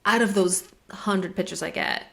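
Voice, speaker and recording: A woman at an ordinary middle pitch, chatting on a podcast. She tells rambling stories full of "like" and acts out what each person said. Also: moderate pace, creaky, fairly bright tone. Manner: rambling storyteller, acts out dialogue, frequent "like". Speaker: podcast co-host. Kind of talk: casual chat. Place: lives in German-speaking Switzerland.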